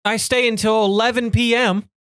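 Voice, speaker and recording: A man's voice: high voice, flat delivery, normal speed, fairly bright tone, smooth, no room sound, studio quality. Wry young man telling a story. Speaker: podcast co-host. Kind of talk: casual storytelling chat.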